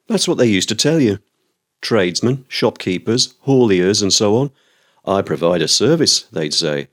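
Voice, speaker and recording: An older man delivering an indignant, exasperated comic rant about the misuse of words, with a theatrical delivery. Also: fairly low pitch. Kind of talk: scripted comic rant on language.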